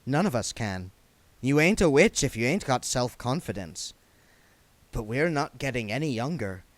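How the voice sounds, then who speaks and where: A man's voice: mid-range voice, sing-song, moderate pace, natural voice. A man voicing a nervous, earthy old female witch who rambles in rustic speech. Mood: rambling.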